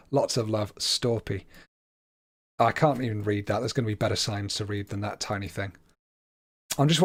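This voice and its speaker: A British man giving casual, self-deprecating livestream commentary on a game while laughing often. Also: mid-range voice. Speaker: streamer.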